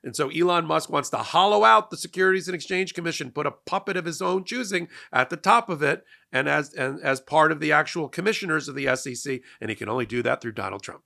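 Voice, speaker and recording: A man's voice: a little high, animated, fast talker, creaky, few pauses, pushed and bright. A man hosting a legal and political commentary show, talking in a sarcastic monologue and often repeating words as he starts sentences.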